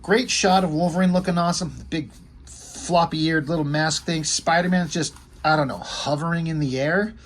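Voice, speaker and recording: A man's voice: fairly high pitch, steady tone, moderate pace, a little hiss or hum. A man casually talking through a comic book page by page, rambling and enthusiastic with offhand asides. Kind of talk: casual video commentary.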